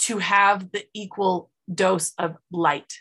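A woman's voice: mid-range voice, fairly even intonation, slow pace, pushed and bright, breathy edge. A woman hosting a podcast, chatting supportively and asking her guest questions. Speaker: podcast host. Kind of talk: conversational interview.

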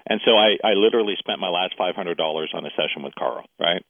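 Low-voiced man telling a story over a phone line. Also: quick pace, no room sound. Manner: animated storyteller, quotes others in dialogue. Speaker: guest. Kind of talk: casual interview storytelling.

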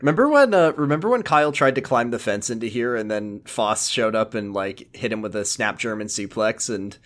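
Male co-host, tense bright tone, loose rambling recap with joking asides. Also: fairly low pitch, lively intonation, a little fast. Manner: rambling, self-interrupting, jokey asides. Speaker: podcast co-host recapping a show. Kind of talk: casual chat.

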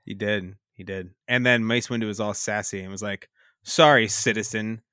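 A man's voice: fairly low pitch, fairly even intonation, sharp tone, no room sound, clean studio sound. A man co-hosting a podcast, chiming in and teasing while recapping a TV episode. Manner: chiming in, quick reactions, teasing. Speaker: podcast co-host. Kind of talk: casual chat recapping a TV episode.

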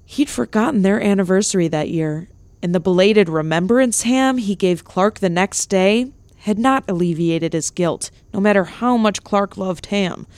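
Woman reading a comedy tale totally deadpan, dry close sound. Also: medium pitch, normal speed, no echo. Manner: deadpan, mock-grand delivery. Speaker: narrator. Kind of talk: scripted comedic narration.

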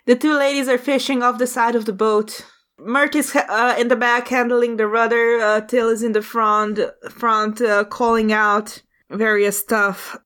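A woman running a tabletop game as game master, narrating in a halting way with many pauses. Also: on the high side, level tone, fairly bright tone. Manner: halting, many fillers and restarts.

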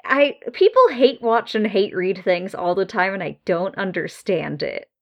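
A woman's voice: medium pitch, expressive, unhurried, dull audio. Casting: woman co-host, playful and jokey, casual podcast banter. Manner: joking, laughs at her own jokes. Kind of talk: casual chat.

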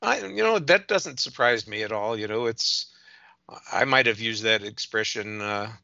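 A man guesting on a casual movie podcast, his voice strikingly bright and sharp. He talks in a wry, teasing way. The sound is dry and close, with a slightly dull lo-fi quality. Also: on the low side, animated, moderate pace, gravelly, no room sound.

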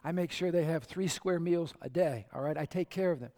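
A man preaching a sermon, conversational and animated, acting out quotes and asking the crowd questions. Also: fairly high pitch, a little fast. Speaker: pastor.

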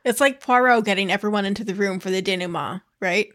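A woman's voice: mid-range voice, fast talker, a bit bright. A woman co-hosting a podcast, talking in a thoughtful, reflective way during casual chat. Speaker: podcast co-host.

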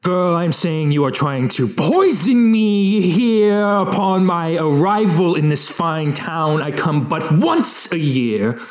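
Man doing a high, haughty cheese snob, slow indignant tirades. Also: animated, roomy sound. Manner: haughty, indignant, drawn-out outbursts. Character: pompous male cheese connoisseur traveler.

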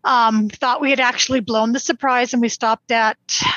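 A woman's voice: a little high, steady tone, normal speed, a bit bright, dry recording, muffled recording. A woman in her sixties, a podcast guest, telling family stories in a chatty way, laughing often. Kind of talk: casual podcast chat.

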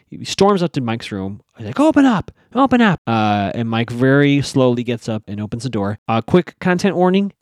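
A man casually recapping a TV episode, chatting to his audience with fillers and quick asides. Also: medium pitch, darkish tone, no room sound, clean studio sound. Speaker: show recap host.

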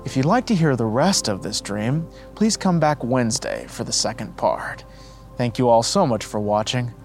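Expressive male storyteller, lively pitch. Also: soft background music. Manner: expressive, measured reading. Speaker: host and narrator. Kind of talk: dramatic storytelling narration.

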